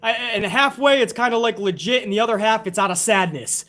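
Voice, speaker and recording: A man's voice: sits high, fairly quick, bright, forceful tone. A man reviewing a wrestling show on a live stream, ranting casually with heavy swearing and sarcasm while reading out viewer tips.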